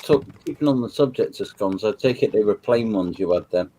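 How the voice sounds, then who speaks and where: A man's voice: fairly low pitch, expressive, fairly quick, dark tone, rough recording. A man chatting casually on a game stream, reading out comments and making dry, understated remarks. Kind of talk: casual chat over gameplay.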